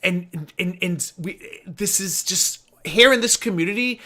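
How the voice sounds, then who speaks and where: A man hosting a casual reaction stream, profane, swinging between muttered asides and loud outbursts. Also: high voice, a little slow. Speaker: drama channel host.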